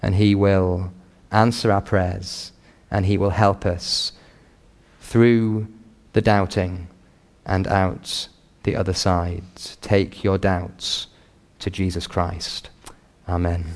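Earnest low-voiced preacher. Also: male voice, little pitch movement. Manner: earnest, measured, emphatic pastoral preaching. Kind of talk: sermon.

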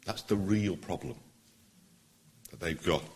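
A middle-aged man, a barrister, giving an earnest, persuasive public speech at a meeting, pausing for emphasis. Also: low-pitched.

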